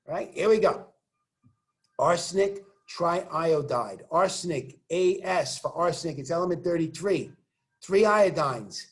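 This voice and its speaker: A man teaching chemistry in a recorded online lesson. He walks through the examples with joking asides and keeps urging students to say the formulas out loud. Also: sits high, animated, moderate pace. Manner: encouraging, coaching students to say formulas aloud.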